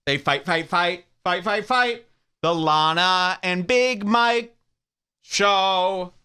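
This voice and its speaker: Sarcastic male podcast host, slightly high, mocking, stretches words. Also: sharp tone, smooth. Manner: sarcastic, drawn-out emphasis. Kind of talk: mocking commentary over clips.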